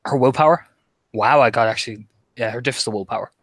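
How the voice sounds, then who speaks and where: A man playing a character in a tabletop role-playing game, talking rules quickly and casually. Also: mid-range voice, dry recording. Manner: animated, laughing, quick rules talk. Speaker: player.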